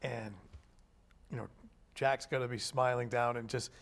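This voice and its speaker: A middle-aged man from chats as a guest. His voice is gravelly at a mid pitch, and he talks haltingly with many restarts. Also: fairly even intonation. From Rhode Island. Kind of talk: casual chat.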